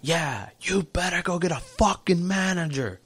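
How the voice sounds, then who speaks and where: A man putting on the voice of a rude, furious male restaurant customer who shouts and scolds. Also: sits high, animated, a little slow, husky, pitched above the performer's own voice, exaggerated voice. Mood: shouting.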